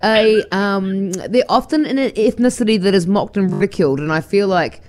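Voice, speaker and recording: A woman's voice: medium pitch, moderate pace. A woman with a New Zealand accent, co-hosting a breakfast radio show in playful, casual banter. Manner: lively, playful.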